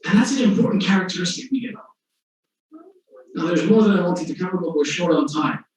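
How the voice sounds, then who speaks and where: A man delivers a sermon with earnest storytelling, voicing the people in his stories and slowing down to stress key points. His voice sits high and rings through a very echoey congregation hall. The mic picks him up from some distance. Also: animated, darkish tone, slight background noise. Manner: earnest storytelling, acts out quotes, slows for emphasis. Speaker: sheikh giving a religious lecture.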